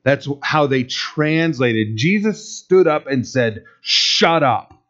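Male pastor, slow deliberate sermon delivery, emphatic and conversational, dull lo-fi recording. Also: medium pitch, expressive. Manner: conversational, emphatic, rhetorical questions to the congregation.

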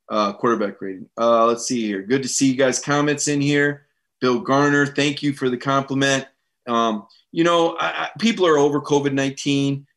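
A man's voice: medium pitch, a bit bright. A middle-aged man hosting a live sports show, chatting casually and upbeat as he reads viewer comments and acts out quoted voices.

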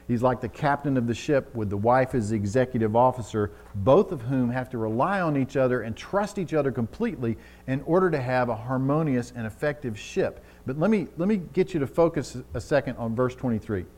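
A man preaching a sermon on marriage, telling vivid stories and building to loud, emphatic exhortation. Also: mid-range voice, animated, brisk, few pauses. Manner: storytelling with acted-out quotes, rising to loud emphatic preaching.

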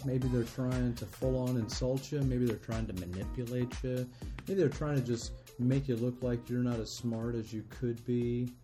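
A man hosting a show, talking slowly and reflectively and reading aloud. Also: mid-range voice, steady tone, music in the background. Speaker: co-host.

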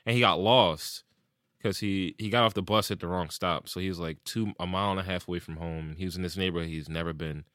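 A man's voice: low-pitched, steady tone, fast, fairly bright tone, no room sound, clean studio sound. A man in casual chat, animatedly retelling stories and acting out what people said, with plenty of swearing.

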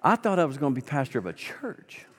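A man's voice: fairly high pitch, very animated, fast talker, fairly bright tone, husky, long reverb tail. A man in his sixties, a pastor telling stories in a conversational, folksy sermon style. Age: 60s. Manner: folksy, conversational, acts out quoted dialogue. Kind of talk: storytelling sermon.

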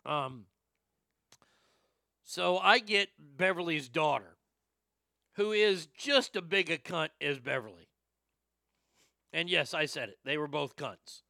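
Guy telling crude funny stories, kinda high, smooth, super dry sound. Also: slow pace, long pauses, no echo. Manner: profane, rambling, animated storyteller. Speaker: comedian telling stories to a live chat. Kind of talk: storytelling stream chat.

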